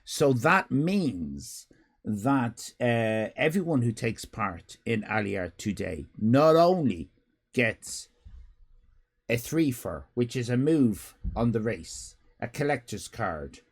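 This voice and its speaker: A man's voice: medium pitch, very animated, slow pace, husky. A man hosting a live stream, rambling in casual chat, swearing and breaking off mid-sentence at home. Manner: rambling, swearing, self-interrupting. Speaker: livestream host. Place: home room with cats.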